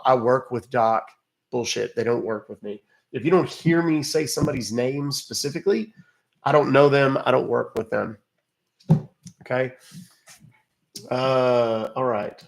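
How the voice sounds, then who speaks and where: A man with a gravelly voice hosts a live stream in a loose, chatty way, cracking jokes and swearing offhandedly as he talks to his viewers. His voice sits at an ordinary pitch, with a rough fry running through it. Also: steady tone, unhurried, long pauses. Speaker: livestream host calling scammers. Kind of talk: casual livestream chat.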